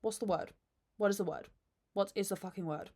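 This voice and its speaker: A woman's voice: mid-range voice, a little fast, darkish tone. A woman hosting her own podcast, chatting to a phone camera at home with unfiltered, dramatic swings and lots of swearing. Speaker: podcast host. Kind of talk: casual chat to camera.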